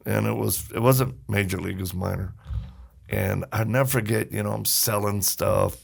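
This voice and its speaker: A man who is a podcast guest, telling personal stories in a casual, animated way and acting out the voices of the people he quotes. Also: on the low side, vocal fry. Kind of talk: casual storytelling.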